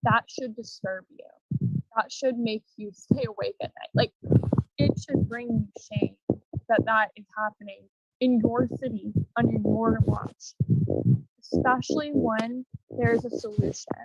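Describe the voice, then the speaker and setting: A woman giving public comment over a video call, earnest and hesitant, with many pauses and ums. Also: fairly high pitch, a little mellow, husky, dry recording, lo-fi sound.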